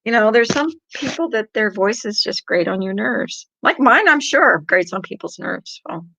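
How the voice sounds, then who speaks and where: A woman's voice: mid-range voice, moderate pace, gravelly, fairly bright tone, no room sound. A middle-aged woman hosting a casual livestream, chatting with viewers in a rambling way and laughing often. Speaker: livestream host. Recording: dull lo-fi sound.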